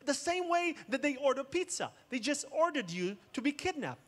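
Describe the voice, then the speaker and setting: A man's voice: extremely high pitch, big pitch swings, moderate pace. A man giving a keynote talk, mixing jokes with dramatic storytelling. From Israel. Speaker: conference speaker. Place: outdoor festival main stage.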